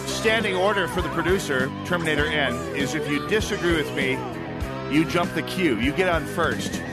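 A man's voice: a little high, brisk, over loud music. A man hosting political talk radio, emphatic and combative, inviting callers.

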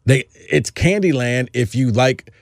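A man's voice: medium pitch, animated, a little slow, vocal fry, no room sound, studio quality. A man co-hosting a sports podcast, talking in a casual, emphatic and opinionated way, often restarting his phrases.

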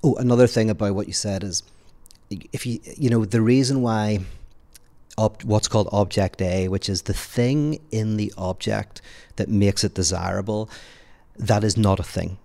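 A low-pitched man with a Northern Irish accent talks his way through ideas on a podcast. He tells stories in an animated way and laughs easily. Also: moderate pace, vocal fry. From Northern Ireland. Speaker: podcast guest. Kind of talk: conversational podcast talk, telling a joke.

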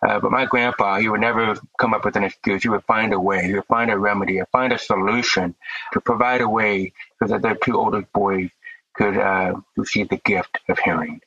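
Low husky guy, earnest and measured, kinda muffled lo-fi sound. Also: steady tone, bright, forceful tone. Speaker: interview guest. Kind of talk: reflective interview answers. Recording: dull lo-fi audio.

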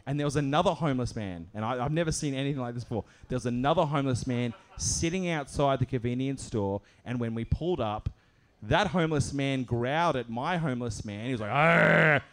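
A man's voice: mid-range voice, fast. A man telling a comic story on stage at a live show, laughing through his lines and acting out the voices in it.

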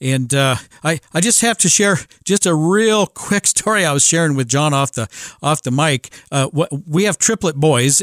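A middle-aged man hosts a radio program in an easygoing, rambling way, full of fillers and restarts. His voice sits a little high for a man, recorded dry and close in a studio. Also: fairly bright tone, no echo. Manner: chatty, many restarts and fillers. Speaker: radio show host. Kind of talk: casual radio talk.

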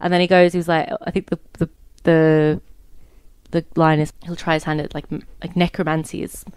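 A woman's voice: low-pitched, little pitch movement, fairly quick, darkish tone, clean tone, dry recording. A young woman in her twenties co-hosting a casual podcast, telling a story in a chatty way with lots of fillers. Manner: chatty, many fillers, laughs easily. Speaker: podcast co-host.

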